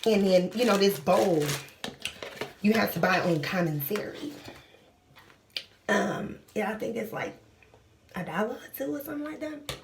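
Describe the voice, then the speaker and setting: A young woman vlogging from a small bathroom, telling a story in a brash, profane, animated way and often dropping to a whisper. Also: mid-range voice, a little slow, creaky, pauses often, a little hiss or hum.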